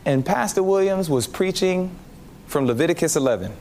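A man with a high, very expressive voice preaches a testimony sermon. He tells his story in an animated way, swinging up and down as he acts out his own reactions. A faint hiss sits under the speech. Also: normal speed.

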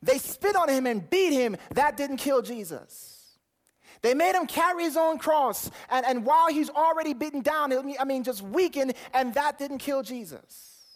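A man's voice: very high-pitched, lively intonation, moderate pace. A man preaching a sermon, reading scripture aloud in King James wording, stumbling over repeated words as he builds his points and putting questions to the listeners. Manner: asks the audience questions.

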